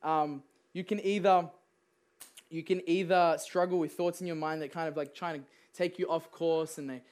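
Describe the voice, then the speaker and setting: A young man preaching a sermon, telling stories in a relaxed, chatty way with fillers and frequent laughter. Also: a little high, moderate pace, smooth.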